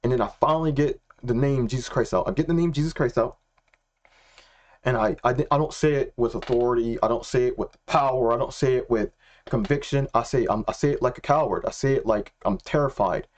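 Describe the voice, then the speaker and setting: A young man telling a personal faith story in a casual, excitable way, slangy and repeating himself. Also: medium pitch, fairly quick. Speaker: Christian vlogger.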